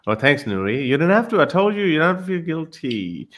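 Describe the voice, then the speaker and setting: A man's voice: on the high side, sing-song, fairly bright tone. Amused man telling stories in casual chat. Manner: amused, storytelling with halting restarts. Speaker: guest co-host.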